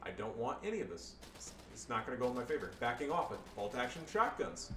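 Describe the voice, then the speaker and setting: A man's voice: medium pitch, sing-song, fast talker, fairly bright tone, recorded from a distance. Crude joking male game commentator, echoey room. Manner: crude joking, frequent swearing, loose and rambling. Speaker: player commentating his own match replays. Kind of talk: casual gameplay commentary. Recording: echoey room, voice off-mic, faint background noise.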